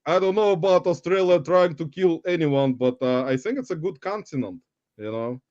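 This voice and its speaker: A man's voice: a little high, normal speed, darkish tone, no room sound, muffled recording. A man hosting a live stream in playful chat, mock-dramatic and theatrical, laughing often. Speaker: livestream host.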